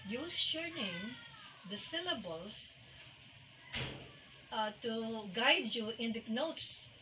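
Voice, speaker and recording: A woman music teacher from the Philippines giving a recorded lesson, halting and full of fillers as she sounds out names by their syllables. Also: fairly high pitch, lively intonation. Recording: distant mic with faint background hiss.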